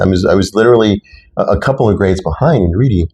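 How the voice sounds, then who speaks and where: A middle-aged man from Texas with a very low voice speaks as a guest in an interview. He tells stories from his own life in an earnest, personal way. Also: quick pace, dark tone. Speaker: city council candidate. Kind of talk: interview conversation.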